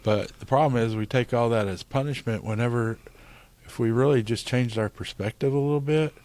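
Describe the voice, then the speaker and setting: A man's voice: medium pitch, a little fast, a little mellow, dry recording. A middle-aged man co-hosting a podcast, talking earnestly and casually about faith and recovery, with frequent "you know"s. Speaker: podcast co-host. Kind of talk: casual spiritual recovery talk.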